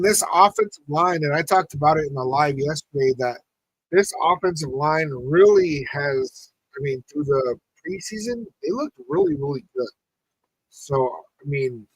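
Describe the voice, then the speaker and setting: On the high side and slightly rough, the man's voice comes through a rough recording without echo. He's a podcast host at a live football watch party, frustrated as he reacts to the plays and talks with his chat.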